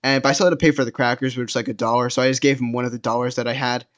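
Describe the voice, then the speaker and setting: A man's voice: mid-range voice, fairly even intonation, rapid-fire, clean tone. A young man telling a story casually, rambling, with lots of fillers and restarts. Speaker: storytime vlogger.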